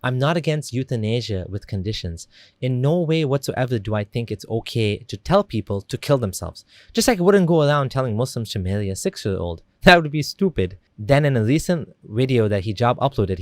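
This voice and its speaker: A man narrating a critical YouTube commentary in a measured, matter-of-fact way. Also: mid-range voice, lively intonation, no echo, clean studio sound.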